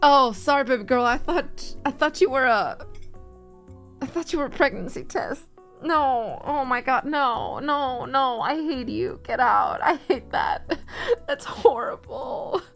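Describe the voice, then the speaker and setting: A young woman chats casually on her stream, teasing her viewers and laughing often as she reads their messages. Her voice sits high and swings widely in pitch. Quiet music plays underneath. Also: expressive, slow pace, vocal fry. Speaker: streamer reading chat. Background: faint background music.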